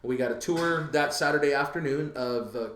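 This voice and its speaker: A man hosting a casual podcast who talks in a relaxed, rambling way full of "um" and "uh". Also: on the high side, moderate pace, echoey room. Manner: relaxed, rambling, lots of fillers. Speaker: podcast host.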